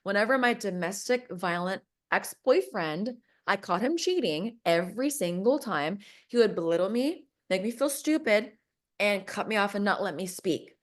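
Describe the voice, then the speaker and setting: A woman's voice: mid-range voice, lively intonation, moderate pace. A woman telling a personal story in a casual podcast chat, reenacting conversations and laughing often.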